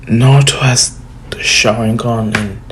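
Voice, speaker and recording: Young guy rambling through a fan story, slow, lots of um and like, faint noise behind. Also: mid-range voice, steady tone, fairly bright tone, rough recording. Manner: rambling, full of fillers and restarts. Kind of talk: casual fan-story retelling.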